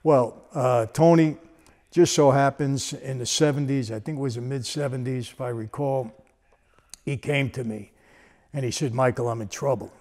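A man's voice: mid-range voice, moderate pace, a little mellow. A man, telling a story in a casual, conversational way with frequent asides. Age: 60s.

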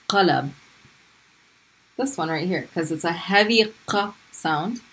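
A woman's voice: on the low side, a bit bright, rough recording. A woman teaching Arabic pronunciation in a recorded video lesson, patiently repeating each sound for drilling.

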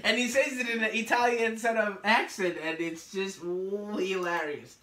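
A podcast host, not a native English speaker, chats casually on a video call from an echoey room. His voice sits high and moves at a moderate pace over slight background noise, and he laughs often while animatedly retelling events.

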